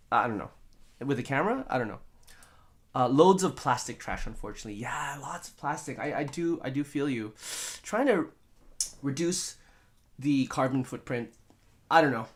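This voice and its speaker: A man hosts a casual live stream from his home studio, reading viewer comments and rambling along. He jokes and plays with words, and his pitch bounces around in a lively, animated way. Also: moderate pace. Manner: playful, rambling, jokey wordplay.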